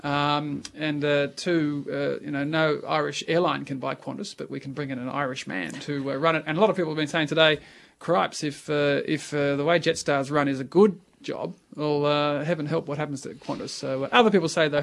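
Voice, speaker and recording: A man's voice: a little high, fairly even intonation, fairly quick, gravelly. A man giving finance commentary in casual radio chat, chatty and rambling with fillers.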